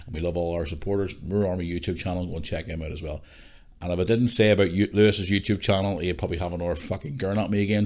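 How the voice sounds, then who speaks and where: Northern Irish male podcast host, lowish voice, rambling, sweary storytelling. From Northern Ireland. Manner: rambling, swears a lot, frequent restarts. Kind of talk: casual storytelling monologue.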